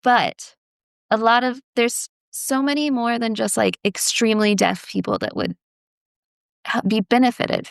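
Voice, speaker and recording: A woman's voice: a little high, fairly even intonation, vocal fry, no echo, studio quality. A young woman hosting a podcast, talking earnestly with lots of fillers in casual conversation. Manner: earnest, filler-heavy, with halting phrasing. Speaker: host.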